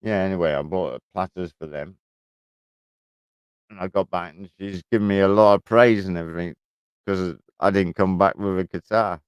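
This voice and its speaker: A middle-aged man rambles through a casual home vlog, laughing now and then and swearing without a second thought. His voice sits low with a smooth, clear tone, recorded close and dry with no room echo. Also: steady tone, normal speed, muffled recording. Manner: rambling, chuckling, swears freely. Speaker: vlogger. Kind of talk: casual chat to camera.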